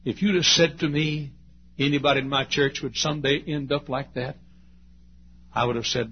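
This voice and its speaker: A man in his late fifties preaching a storytelling sermon in a church, swinging between loud passages and hushed ones as he tells the story. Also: medium pitch, steady tone, normal speed, gravelly, slight background noise. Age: late 50s. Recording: dull lo-fi sermon recording.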